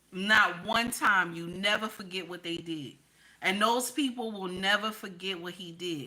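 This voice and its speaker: A woman from the New talks straight to her viewers, with a bright, forceful tone. She is blunt and emphatic, and she hammers her points home by saying them again and again. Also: mid-range voice, rough recording. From New York / New Jersey area. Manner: blunt, emphatic, repeats lines for stress. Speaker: online commentator. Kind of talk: casual political commentary vlog.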